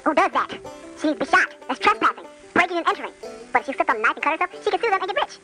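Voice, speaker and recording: A man putting on a pitched-up chipmunk voice to tell a fairy tale in a rambling, stammering way with crude comic asides. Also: very animated, racing, sharp tone, faint music behind, exaggerated voice, poor audio. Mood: rambling, sassy. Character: sped-up chipmunk telling a rowdy fairy tale. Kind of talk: comic storytelling.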